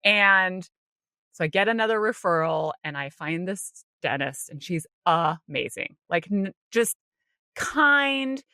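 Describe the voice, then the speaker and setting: Bright-voiced woman telling a story. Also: lowish voice, takes it slowly, no echo, clean studio sound. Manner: animated, acts out her own inner voice; frequent light laughter and "like" fillers. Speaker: podcast co-host. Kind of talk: casual personal storytelling.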